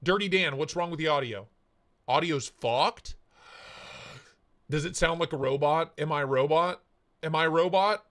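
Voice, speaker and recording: A man hosting a casual live stream, playfully greeting chatters by name with jokey shout-outs. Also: fairly high pitch, normal speed, long pauses. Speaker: livestream host.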